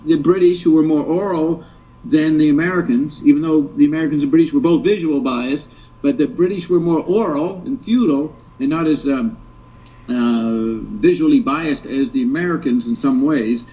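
A man with a fairly high voice explains his point haltingly, stumbling over words and filling pauses. His voice comes from away from the mic and sounds dull and muffled. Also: warm tone. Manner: halting and explanatory, with many fillers. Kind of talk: casual conversation. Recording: distant, muffled.

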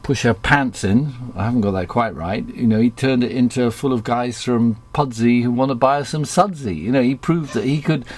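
An Englishman whose posh received pronunciation has been deliberately softened toward ordinary speech. He talks in a reflective, rambling way, restarting sentences as his thoughts shift. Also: medium pitch. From England. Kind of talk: casual conversation.

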